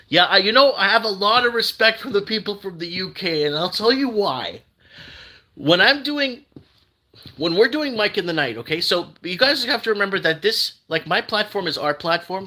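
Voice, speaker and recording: A man's voice: on the high side, bright, forceful tone. An older man from Canada hosting a casual live stream, rambling and reading out viewer comments. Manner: rambling, reads out viewer comments, restarts often.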